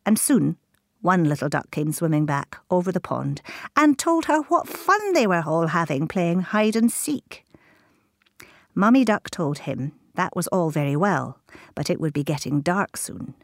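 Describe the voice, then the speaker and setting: A woman reading a children's story aloud, animated and dropping into whispers at times. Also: fairly low pitch, dry recording, clean studio sound.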